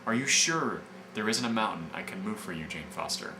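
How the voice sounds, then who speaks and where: A man's voice: fairly low pitch, expressive, a little fast. Thor, a man reading lines as a solemn old-fashioned thunder god. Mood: earnest. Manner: archaic, formal phrasing. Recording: echoey room with background noise.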